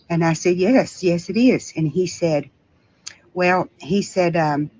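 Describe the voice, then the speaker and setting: A woman's voice: lowish voice, takes it slowly, a little mellow, rough recording. An older woman, earnestly telling a frightening story in a casual recorded video. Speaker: scam victim telling her story.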